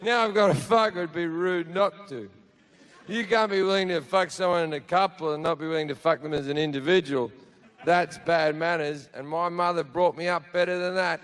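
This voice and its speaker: A man's voice: fairly high pitch, steady tone, normal speed, a bit bright. A man telling a stand-up comedy story to a laughing audience in a brash, profane, self-mocking way.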